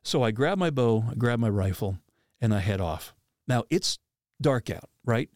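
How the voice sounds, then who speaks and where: A man telling a personal hunting story in a casual, animated way, often restarting and acting out quotes. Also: mid-range voice, moderate pace, dry recording, clean studio sound.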